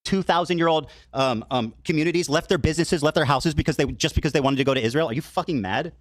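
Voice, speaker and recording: Man in a heated debate, rapid-fire and insistent, dry close sound. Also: a little high, no echo. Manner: argumentative, insistent.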